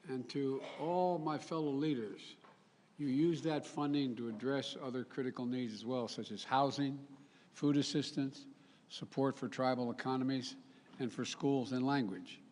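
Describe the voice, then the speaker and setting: Older male politician, mid-pitched, rambling formal speech, live in a reverberant hall. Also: steady tone, moderate pace, darkish tone, a little hiss or hum. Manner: rambling, self-correcting, folksy asides. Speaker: head of state giving a speech. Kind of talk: formal public speech with ad-libs.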